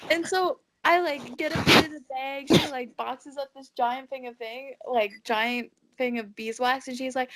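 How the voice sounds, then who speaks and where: With a fairly high pitch, a normal pace, and few pauses, a teenage podcast co-host shares a dream she had. She chats casually, gets animated, voices the other characters herself, and swears often.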